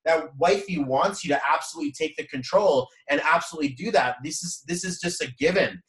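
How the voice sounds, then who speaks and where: A man leading a men's numerology group, talking in a rambling, energetic, preachy motivational way. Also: a little high, a little fast. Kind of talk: motivational group coaching talk. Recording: echoey room.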